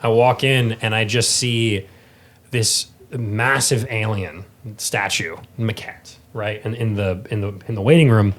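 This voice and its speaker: A man, a guest actor, telling a story in casual chat, animated and swearing often. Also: on the low side, measured pace. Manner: animated, swears often, acts out quoted dialogue.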